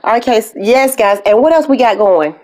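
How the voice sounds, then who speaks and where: A woman hosting an eating video, chatting casually to her viewers in an upbeat, drawn-out way. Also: a little high, lively intonation, background noise. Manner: upbeat, drawn-out phrases with a lot of "okay, guys". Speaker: mukbang host. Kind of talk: casual chat to camera.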